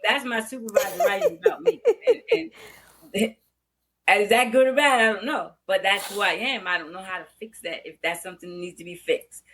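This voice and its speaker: Blunt, bright-voiced older woman. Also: mid-range voice, expressive, a little fast. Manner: blunt, frank, laughs easily. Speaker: veteran educator, podcast guest. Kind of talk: candid interview talk.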